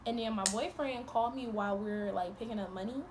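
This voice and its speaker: A young woman in a storytime vlog, retelling events in an animated, profane, exasperated way, breaking into laughs. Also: a little high, quick pace, background noise. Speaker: vlogger.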